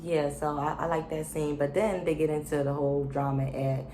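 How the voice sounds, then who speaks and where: A woman's voice: low voice, little pitch movement, moderate pace, dark tone, roomy sound, a little hiss or hum. A woman casually recapping a reality show, chatty and opinionated, with lots of fillers and slang.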